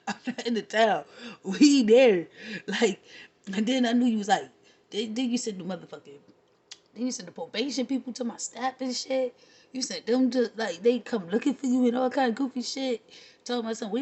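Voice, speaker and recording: A woman telling a long profane story in an animated, rambling rant, laughing now and then. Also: on the high side, moderate pace, breathy edge. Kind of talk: casual rant to camera.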